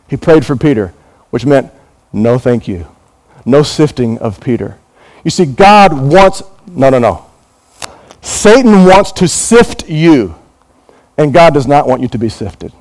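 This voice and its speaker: A middle-aged male pastor preaching in a church, his voice sitting a little high for a man. He swings his pitch widely as he acts out scenes and quoted voices. It is a lively, expressive sermon delivery. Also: moderate pace, poor audio. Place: church in Hong Kong.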